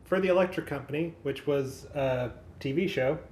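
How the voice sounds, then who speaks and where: A podcast co-host in casual chat, calmly explaining plots in detail. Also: mid-range voice, moderate pace, echoey room.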